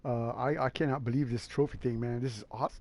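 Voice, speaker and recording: A man hosting a sim racing league stream, chatting casually and excitably in a rambling way, calling everyone man and dude. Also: medium pitch, a little fast. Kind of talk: casual live-stream race commentary.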